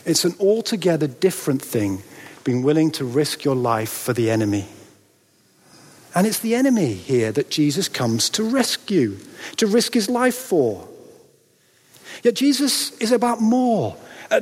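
A man preaching a sermon in a church, dramatic, with rhetorical questions and pauses for effect. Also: high-pitched, breathy edge. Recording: long reverb of a large hall.

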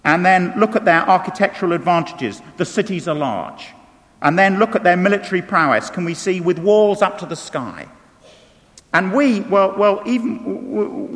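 A man preaching a sermon, animated, swinging between loud emphatic lines and hushed low asides. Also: normal speed. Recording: long reverb of a large hall.

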